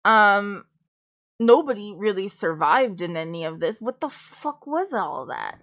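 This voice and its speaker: A woman's voice: mid-range voice, expressive, unhurried. A woman streamer talking in a loose, casual way, rambling with lots of fillers, restarts and the odd swear word. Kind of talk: casual chat.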